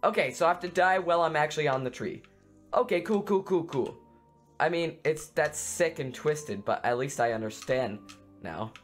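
A man giving excitable let's play commentary on a video game, screaming and making silly sound effects. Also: on the high side, moderate pace, faint music behind. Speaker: gaming YouTuber.

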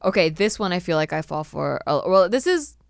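A woman's voice: fairly low pitch, big pitch swings, fairly quick, gravelly, no room sound, clean studio sound. A young adult woman hosting a casual podcast chat, explaining list items and laughing easily. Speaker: podcast host.

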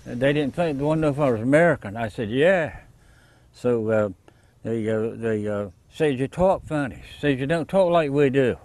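A man's voice: mid-range voice, animated, normal speed, a little mellow, no echo. Matter-of-fact man telling an anecdote. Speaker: interviewee. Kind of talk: casual anecdote.

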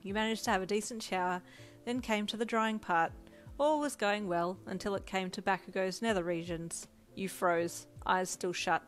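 A woman reading a second-person fanfiction story aloud in an even storytelling manner. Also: mid-range voice, normal speed, faint music behind. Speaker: fanfic reader.

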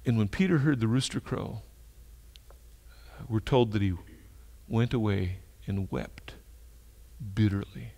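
A male pastor preaching a sermon and retelling a story, moving between hushed, slow passages and emphatic ones. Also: lowish voice, gravelly.

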